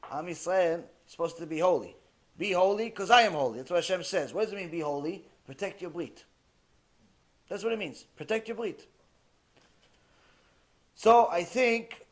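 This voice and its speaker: A man delivering a religious ethics lecture, telling stories in an animated way and mixing in Hebrew terms. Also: high-pitched. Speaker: Torah lecturer.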